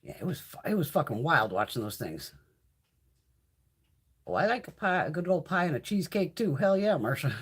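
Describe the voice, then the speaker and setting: Husky middle-aged woman rambling on a live stream, swears a lot, voice swoops up and down. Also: sits low, sing-song, fairly quick, pauses often. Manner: chatty, swears freely, reads and answers viewer comments. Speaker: beauty channel host. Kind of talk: casual live-stream chat.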